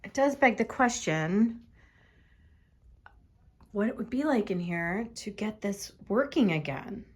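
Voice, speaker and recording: A woman's voice: medium pitch, expressive, slow pace, husky. A young adult woman vlogging in a casual, rambling way, with many fillers, indoors in an old house under renovation. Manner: chatty, tangential, many "like" fillers.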